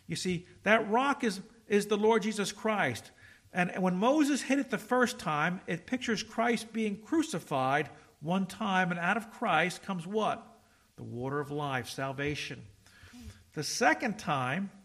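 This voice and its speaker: A man preaching a sermon as pastor, reading scripture aloud, with loud emphatic rises and quiet asides. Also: high-pitched, creaky. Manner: reads scripture in King James wording.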